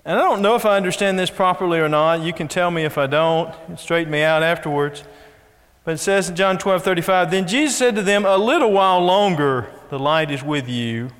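A man preaches earnestly in a high-pitched, slightly bright voice at a fairly quick pace, repeating key phrases to build emphasis. The recording has the long echo of a large hall.

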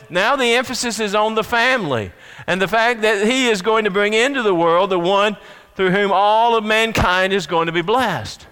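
A man delivers an earnest sermon, reading passages of scripture and then explaining them. His voice sits high and sounds bright and crisp. Long reverb trails behind his words, as if the sermon were recorded in a large hall. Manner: earnest expository preaching, reading scripture aloud. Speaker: preacher.

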